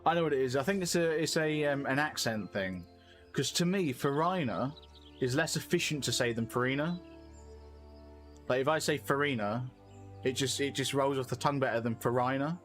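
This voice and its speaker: A man's voice: mid-range voice, fast, faint music behind. A man streaming a game, chatting casually and musing aloud while correcting himself. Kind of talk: casual chat while playing.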